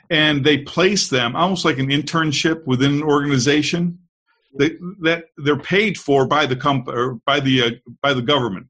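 A man's voice: medium pitch, a bit bright, husky. A man hosting a show, steering the interview and paraphrasing what his guest says. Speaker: show host. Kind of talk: casual interview talk.

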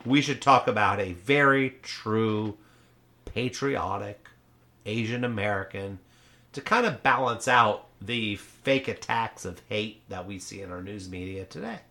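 Man, satirical podcast co-host, bright forceful tone, deadpan mock-earnest, swears a lot. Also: fairly low pitch, a little slow. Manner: mock-earnest, keeps agreeing, swears freely.

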